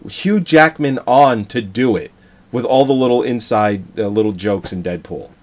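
A man talking casually about movies, relaxed and enthusiastic, swearing freely. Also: medium pitch, normal speed.

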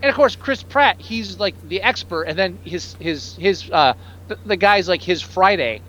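A man in casual podcast chat, rambling and halting with many restarts, now and then putting on mocking voices. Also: high-pitched, lively intonation, fairly bright tone, dull audio.

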